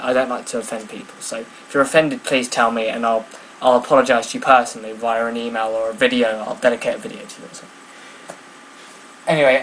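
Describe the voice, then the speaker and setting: A man's voice: medium pitch, fairly bright tone, slight background noise, low-quality recording. A young man chatting casually to camera, rambling and self-mocking with many ums. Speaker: vlogger. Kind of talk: casual vlog chat.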